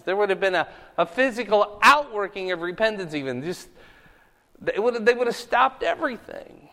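A man's voice: sits high, lively intonation, normal speed, pushed and bright, long reverb tail. A man teaching a Bible study in a conversational, sermon-like way, moving between casual asides and earnest, emphatic preaching.

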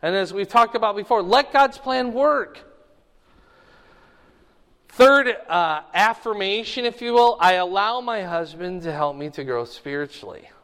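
Pastor, male, higher voice, teaching sermon, conversational, frequent check-ins, long hall reverb. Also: lively intonation, a little slow, a bit bright. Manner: conversational, checks in with the congregation often.

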